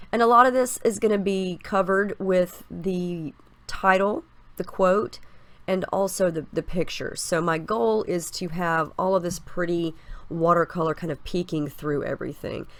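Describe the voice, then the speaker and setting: A woman with a stuffy cold, chatting upbeat through her scrapbooking steps in a casual voice-over. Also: fairly low pitch. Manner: chatty and upbeat, explaining each step. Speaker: scrapbooking crafter. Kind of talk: casual process video voice-over.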